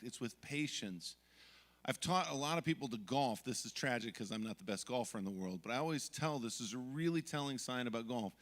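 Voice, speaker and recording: A middle-aged man preaching a sermon as pastor, telling stories from family life and acting out yelling moments. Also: medium pitch, long reverb tail. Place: church sanctuary.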